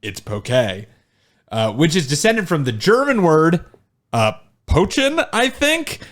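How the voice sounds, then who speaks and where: A man co-hosting a podcast in casual chat, relaxed and joking, often trailing off with fillers. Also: a little high, takes it slowly. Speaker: podcast co-host.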